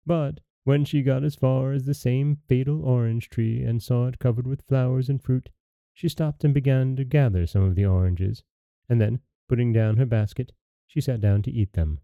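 A man hosting a storytelling podcast, reading a fairy tale aloud in a calm, measured way. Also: mid-range voice, gravelly, dry recording, muffled recording.

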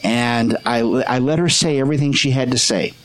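A man's voice: mid-range voice, normal speed, slight background noise, rough recording. A middle-aged man, a street portrait photographer, earnestly telling stories in a podcast chat and acting out the voices of the people he quotes. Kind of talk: conversational storytelling.

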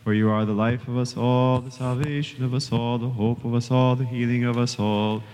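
Priest, man, solemn liturgical prayer, monotone, very clear voice, long church reverb. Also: mid-range voice, moderate pace. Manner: solemn, steady intoning. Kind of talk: liturgical prayer, recited and chanted.

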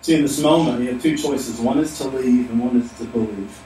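A man's voice: mid-range voice, a little fast, dark tone, slight background noise. Preaching man in an echoey hall. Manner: emphatic, repetitive preaching. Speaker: pastor. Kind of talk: sermon. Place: church sanctuary. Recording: echoey hall, mic at a distance.

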